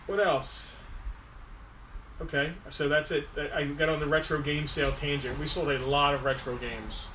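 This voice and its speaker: A man's voice: a little high, steady tone, moderate pace, bright, forceful tone, echoey room, slight background noise, low-quality recording. A man who runs a toy store, hosting a live sale in casual, rambling, self-deprecating chat. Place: inside a toy and collectibles store.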